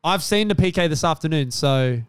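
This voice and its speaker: A young man chatting casually as a podcast co-host, swearing often and retelling stories in an animated way. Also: on the high side, brisk, clean tone, no room sound, clean studio sound. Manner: swears a lot, animated storytelling. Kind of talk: casual chat.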